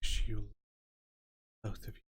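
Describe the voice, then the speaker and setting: A man voicing a hushed ghostly fortune teller. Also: a little slow, natural voice. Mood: gentle. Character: ghostly woman fortune teller, calm and solemn.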